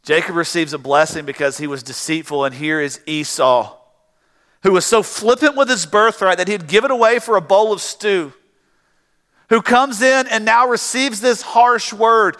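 A man preaches with a high, bright voice that rings out. His sermon mixes scripture readings with spoken retellings, and the sound carries a long hall reverb behind him. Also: moderate pace. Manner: preaching, reads scripture aloud and voices pleading characters. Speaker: pastor.

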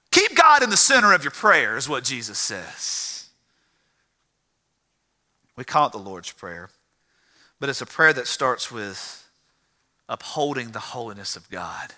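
A man preaching a sermon as a pastor, impassioned, swinging from loud emphatic lines to hushed ones. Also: a little high, sing-song, unhurried. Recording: long reverb of a large hall.

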